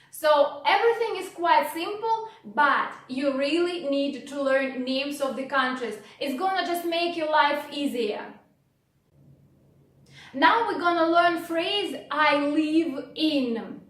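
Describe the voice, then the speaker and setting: Brief: woman teacher, high voice, slow and deliberate pronunciation drills, echoey room, a bit off-mic. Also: lively intonation, a bit bright, distant mic. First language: Russian. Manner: drills words by slow repetition. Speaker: language teacher. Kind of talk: slow, clear pronunciation lesson.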